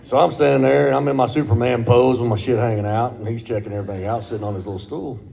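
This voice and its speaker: Gravelly man spinning crude yarns. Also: medium pitch, steady tone, fast, warm tone. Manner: crude, profane, laid-back yarn-spinning. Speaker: storyteller. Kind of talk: casual personal storytelling.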